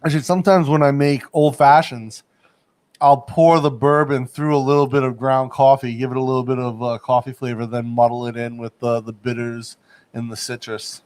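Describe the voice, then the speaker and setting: A man's voice: mid-range voice, flat delivery, moderate pace, a little mellow, clear, resonant tone. A man hosting a casual livestream chat from a studio in Bangkok. He rambles, laughs often and hedges his points. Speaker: livestream host.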